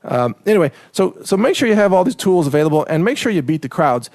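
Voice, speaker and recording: A man's voice: high-pitched, very animated, fast talker, darkish tone, dry recording, studio quality. A man hosting a preparedness talk from Texas, casual, rambling and joking between tips. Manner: rambling, joking, self-promoting. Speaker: preparedness show host.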